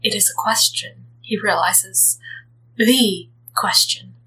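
Slow, bright-voiced woman storyteller. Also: medium pitch, a little hiss or hum, poor audio. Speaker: narrator. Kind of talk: reading fan fiction aloud.

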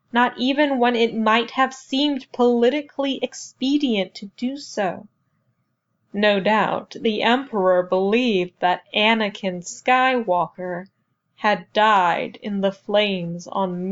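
Slow, measured woman narrating a story. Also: mid-range voice, highs cut off. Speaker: audiobook narrator. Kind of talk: scripted narration.

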